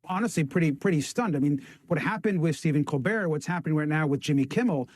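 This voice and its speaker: A man's voice: a little high, animated, quick pace, darkish tone, dry recording. A man speaking as a congressman guest in a news interview, earnest and firm. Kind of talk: phone interview.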